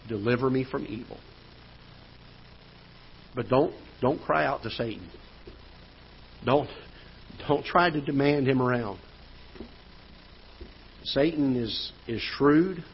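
A male pastor delivering a sermon in a church auditorium, earnest, pressing points, then dropping quiet. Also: medium pitch, highs cut off, slight background noise. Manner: earnest preaching with rising emphasis and quiet drops.

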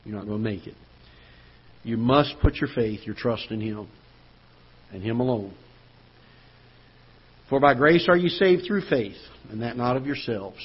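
A male pastor preaching a sermon in a church auditorium, breaking into joking asides and then rising and slowing for emphasis when he reads scripture aloud. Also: mid-range voice, expressive, husky, lo-fi sound. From United States.

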